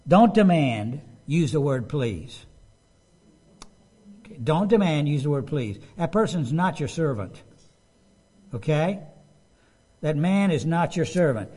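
Middle-aged male preacher, fairly high voice, conversational sermon, asks the room questions. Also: expressive, a little slow, long pauses, warm tone, husky.

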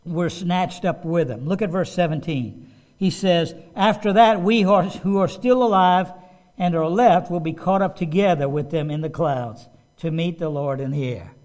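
A man preaching a sermon in an animated way, restarting phrases and raising his voice for quoted commands. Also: on the high side, moderate pace. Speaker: pastor.

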